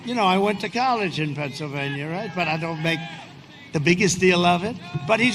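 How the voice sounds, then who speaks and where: A man giving a rambling, boastful rally speech outdoors in cold wind, often shouting to a crowd. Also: high-pitched, normal speed. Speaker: politician speaking at a rally. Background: large cheering crowd and wind.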